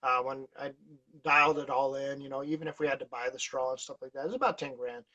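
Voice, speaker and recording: A man's voice: mid-range voice, fast. A man talking as a podcast guest in casual conversation, rambling through stories with many fillers and restarts. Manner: animated, laughs while telling stories. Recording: dull lo-fi podcast audio.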